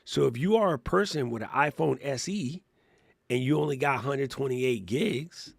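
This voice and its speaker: A man's voice: medium pitch, moderate pace, vocal fry, breathy edge, no room sound, clean studio sound. A middle-aged man co-hosting a podcast, chatting casually and laughing as he explains things step by step. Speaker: podcast co-host. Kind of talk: casual tech and creator chat.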